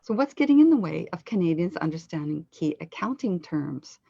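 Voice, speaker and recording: A woman coach giving a scripted webinar lesson on pronunciation, slowing down to stress numbers for clarity. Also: on the low side, sing-song, gravelly, dark tone, slightly rough, dry recording. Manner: slow deliberate stress on numbers for teaching. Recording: dull lo-fi dry recording.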